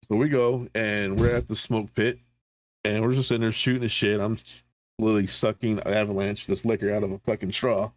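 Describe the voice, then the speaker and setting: A man's voice: on the low side, flat delivery, fairly quick, dry recording. A middle-aged military veteran co-hosting a podcast, telling stories in casual, profane chat and often laughing at his own punchlines.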